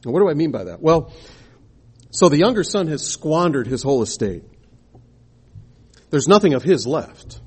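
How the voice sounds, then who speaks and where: A man with a slightly raised, husky voice delivers a sermon. He works through a scripture passage verse by verse and keeps asking rhetorical questions. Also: a little high, very animated, normal speed, long pauses. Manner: expository, asks the congregation rhetorical questions. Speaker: preacher.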